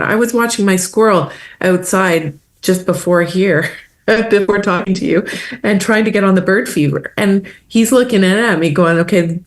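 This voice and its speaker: A woman from Canada, a wildlife photographer, talking as a guest in a casual interview, animated and emotional, laughing often. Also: lowish voice.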